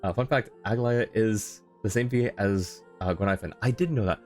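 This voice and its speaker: A man's voice: fairly low pitch, normal speed, darkish tone, soft background music. A man streaming a game in casual chat, effusively thanking viewers and laughing often. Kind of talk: casual live-stream chat while gaming.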